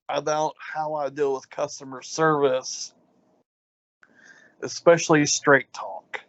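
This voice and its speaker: A man's voice: a little high, slow, long pauses, no echo. Rambling man telling a story. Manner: rambling, animated storyteller with lots of ums. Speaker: podcast co-host. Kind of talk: casual chat, storytelling rants. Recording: dull, lo-fi sound.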